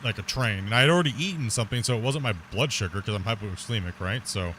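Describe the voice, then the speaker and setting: A man's voice: fairly low pitch, lively intonation, fast talker, a bit bright, slight background noise. A man chatting casually while streaming live gameplay, rambling, laughing often and swearing casually.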